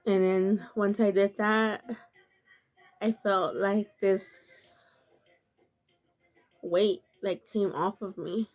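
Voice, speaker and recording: Slow, earnest woman vlogger. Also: medium pitch, steady tone, a little mellow. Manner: slow, earnest and confessional, many filler "like"s. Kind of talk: casual storytelling to camera.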